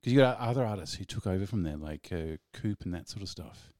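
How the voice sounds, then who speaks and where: A man's voice: low-pitched, expressive, fast talker, a little mellow, dry recording, clean studio sound. A man co-hosting a radio show, chatting casually, laughing and rambling between jokes. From Australia. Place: radio studio.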